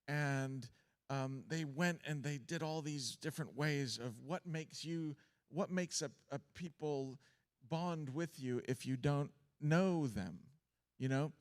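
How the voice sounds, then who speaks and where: A man's voice: fairly high pitch, slow. A man on a panel speaking thoughtfully, searching for his words. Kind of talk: reflective panel talk.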